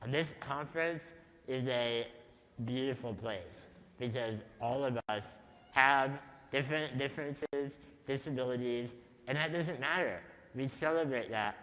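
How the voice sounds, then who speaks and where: Slow-talking man in a big hall. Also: medium pitch, fairly bright tone. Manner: slow, deliberate, wry storytelling. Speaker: conference speaker. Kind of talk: storytelling talk to a live audience. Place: large conference hall. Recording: reverberant conference hall.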